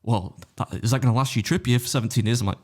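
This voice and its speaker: A man's voice: medium pitch, fairly even intonation, very fast. A man on a podcast, telling an anecdote in casual chat, acting out the dialogue, laughing often and swearing freely. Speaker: podcast guest.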